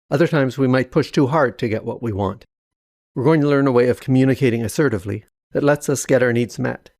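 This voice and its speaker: Calm man with a gravelly voice. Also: medium pitch, no echo, studio quality. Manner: calm, measured, instructive. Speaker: self-help educator. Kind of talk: scripted narration.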